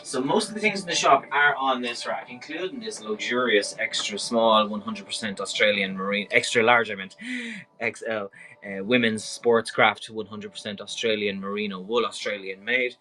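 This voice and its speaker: A man's voice: fairly low pitch, normal speed, bright, forceful tone, rough recording. An Irish man hosting a live clothing sale, talking in a chatty, enthusiastic and rambling way. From Ireland. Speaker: live-stream clothing seller. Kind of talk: casual live sales patter.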